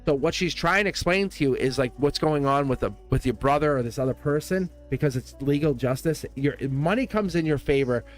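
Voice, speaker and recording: A man's voice: fairly high pitch, fairly quick, hardly any pauses, soft background music. A man giving a live tarot reading, talking in an earnest, reassuring way with many restarts and asides. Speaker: tarot reader.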